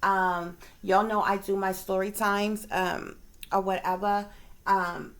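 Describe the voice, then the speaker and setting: Slow and level, with a medium pitch and a fairly bright tone, a psychic reader who creates videos rants casually to the camera. Her language is profane, and she repeatedly checks in with her listeners.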